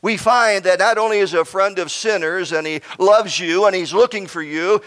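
High-voiced preacher in an echoing hall. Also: male voice, moderate pace, hardly any pauses. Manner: preachy, rising to emphatic shouts then dropping to near whispers. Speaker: pastor. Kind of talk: sermon. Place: church sanctuary.

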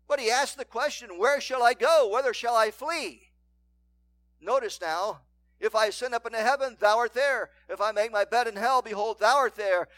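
High-pitched guy preaching, dry close sound, gets loud then goes real quiet, reads old bible verses. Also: no room sound. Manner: emphatic preaching, swinging from loud declarations to hushed asides; reads scripture in King James wording. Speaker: pastor. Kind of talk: sermon.

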